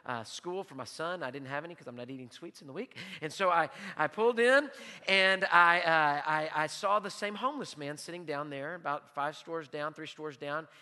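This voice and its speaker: A man's voice: a little high, moderate pace, bright, forceful tone, long reverb tail. A man preaching a sermon as pastor, emphatic, repeating key words and putting questions to the congregation. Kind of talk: sermon with storytelling and Bible teaching.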